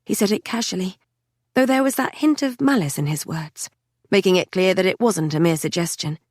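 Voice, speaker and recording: Woman reading a dark fantasy audiobook. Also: lowish voice, brisk, no echo, studio quality. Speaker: audiobook narrator. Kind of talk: scripted audiobook narration.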